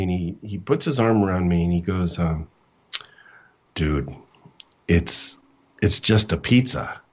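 A middle-aged man with a low voice tells a story from his own life as a guest coach. He talks haltingly, restarts often and acts out quotes. The sound is dull and lo-fi, like audio from a remote call. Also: a little mellow. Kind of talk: storytelling in a casual interview.

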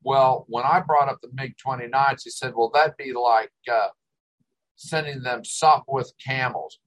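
A man's voice: medium pitch, low-quality recording. An older man hosting a talk show, ranting with exasperation and sarcasm. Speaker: host. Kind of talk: ranting commentary.

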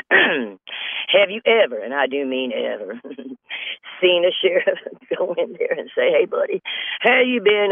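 A fairly high-pitched man from North Carolina hosts a show, delivering a rambling comedic monologue and frequently laughing at his own jokes. The audio is dry with no room sound and has a tinny, phone-line quality.

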